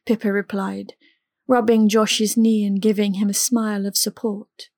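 Woman reading a spicy story out loud, slow and even, dry close sound. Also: mid-range voice, gravelly, dry recording. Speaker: audiobook narrator. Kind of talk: erotic story narration.

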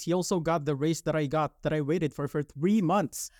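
A man's voice: on the high side, normal speed, darkish tone, no echo, clean studio sound. A young man from Canada telling his story in a casual podcast chat, rambling with lots of likes and restarts. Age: young adult.

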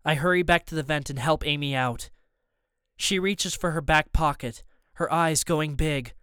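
A man's voice: fairly high pitch, a bit bright, clear, resonant tone, dry recording, studio quality. A man narrating a story in the first person with tense, urgent storytelling. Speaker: audiobook narrator.

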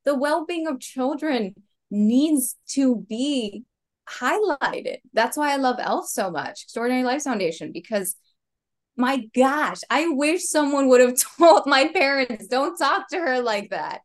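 A woman in her thirties, a comedian on a podcast, telling stories in an animated way with laughter. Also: high-pitched, measured pace. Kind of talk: casual chat.

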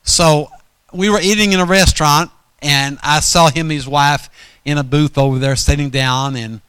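A man's voice: on the high side, steady tone, moderate pace, fairly bright tone, smooth, no room sound. A man preaching a storytelling sermon in a folksy, rambling way, often correcting himself mid-sentence.

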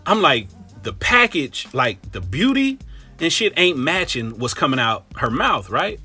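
A man from Cincinnati telling a comic story in slangy, profane talk, full of animated asides. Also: on the high side, a little slow, husky, soft background music. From Cincinnati, Ohio.

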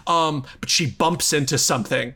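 Bright-voiced man telling a playful story. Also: a little high, normal speed. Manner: playful, laughs often. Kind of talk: improvised comedic storytelling.

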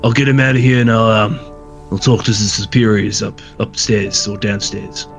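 A man's voice: fairly low pitch, fairly even intonation, normal speed, faint music behind. A man playing a tabletop role-playing game, talking hesitantly with many fillers and restarts. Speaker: player.

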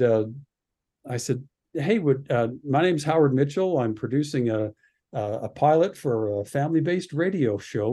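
A man from Canada, a radio producer and podcast guest, telling an animated story and acting out the voices of the people in it. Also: mid-range voice, breathy edge. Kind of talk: animated anecdote in a podcast interview.

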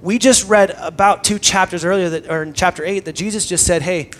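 Young man preaching, loud then hushed. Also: high voice, steady tone, brisk. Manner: conversational preaching, swings between loud emphasis and hushed tones. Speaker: pastor. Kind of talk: sermon.

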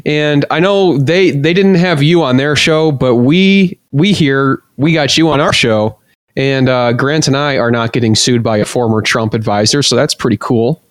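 A man hosts a comedy podcast in a loose, joking way, stumbling through news items with lots of "uh"s. His voice sits in an ordinary middle pitch and is recorded close and dry. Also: normal speed, no room sound. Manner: jokey, reads news items aloud with many fillers. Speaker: podcast host. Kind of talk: casual comedy podcast chat.

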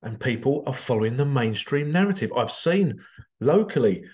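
Guy ranting at the camera, repeats himself a lot, mid pitch, kinda muffled lo-fi audio. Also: normal speed. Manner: animated, repetitive, acts out quotes in exaggerated voices. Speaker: vlogger. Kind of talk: ranting monologue.

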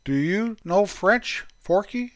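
A man voicing Earl, a naive, puzzled high school freshman boy, in a raised voice. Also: animated, slow pace, no echo.

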